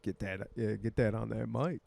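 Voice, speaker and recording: A man co-hosting a comedy podcast, telling stories in a loose, animated way and laughing often. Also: lowish voice, moderate pace, creaky. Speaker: podcast co-host. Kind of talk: casual comedic banter.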